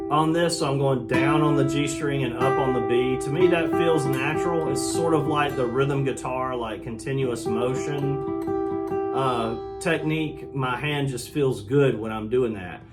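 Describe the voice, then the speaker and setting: A middle-aged man giving a relaxed, casual guitar lesson, explaining strumming and sometimes scatting the rhythm. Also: mid-range voice. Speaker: guitar teacher. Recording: loud guitar under the voice. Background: acoustic guitar playing.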